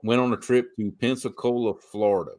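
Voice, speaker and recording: A middle-aged man from Louisiana with a softened south Louisiana Cajun accent, chatting casually as co-host and telling stories with animated asides. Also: mid-range voice, fairly quick. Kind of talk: casual chat.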